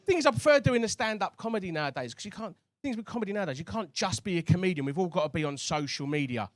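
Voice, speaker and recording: A man's voice: high-pitched, expressive, racing, no echo. A male stand-up comedian, chatting with and teasing a live crowd from a club stage.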